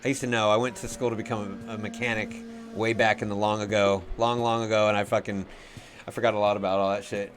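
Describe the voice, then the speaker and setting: A young adult man telling a long, rambling, profanity-heavy story in a casual way, getting loud when he acts out his own shouting. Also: fairly low pitch, little pitch movement, fast.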